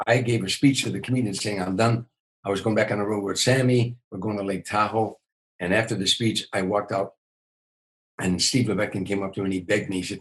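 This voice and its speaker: In a low-quality recording, a fairly low-pitched older man, a comedian guest, tells animated stories during a podcast interview, repeating words as he opens his sentences.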